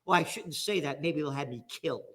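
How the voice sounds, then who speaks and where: A man's voice: a little high, fairly quick, bright, forceful tone. A man from the Bronx with a New York accent, a guest giving fired-up, angry political commentary.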